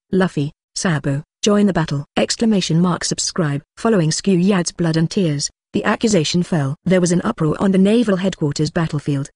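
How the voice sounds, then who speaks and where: Flat text-to-speech audiobook narrator. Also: medium pitch, no echo, clean studio sound. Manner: reads punctuation aloud, flat synthetic delivery. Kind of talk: machine-read novel narration.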